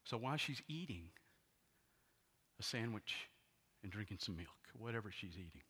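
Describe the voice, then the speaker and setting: A male pastor preaching a sermon dramatically, swinging between hushed whispers and loud exclamations. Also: on the low side, expressive, moderate pace, husky.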